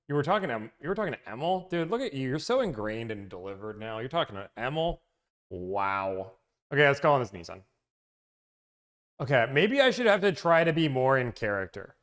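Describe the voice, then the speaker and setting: A man's voice: mid-range voice, a bit bright. A man with a mid-range voice chats loosely on a livestream. He restarts his sentences and talks straight to his viewers. He sounds easygoing and unscripted. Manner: rambling, self-interrupting, chatty with viewers. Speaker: car-buying negotiation service host. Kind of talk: casual livestream chat.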